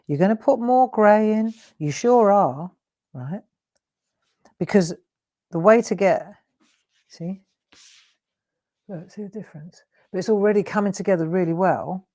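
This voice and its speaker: A woman's voice: fairly low pitch, dark tone. A middle-aged woman hosting a live craft demonstration, talking viewers through her coloring in a chatty, coaxing way. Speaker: craft show host.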